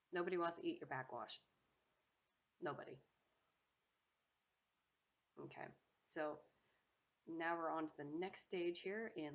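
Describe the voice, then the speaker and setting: A woman with a low, gravelly voice talks over her cooking footage, chatty and playful. She speaks straight to her viewers and hums her approval as she tastes. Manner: hums approval while tasting. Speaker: home cooking vlogger. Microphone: home microphone.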